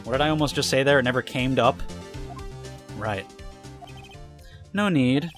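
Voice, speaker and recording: A young man giving casual, excitable commentary while playing a game, swearing often. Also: medium pitch, fairly quick, music in the background. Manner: excitable, swears a lot, angry outbursts. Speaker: let's play gamer.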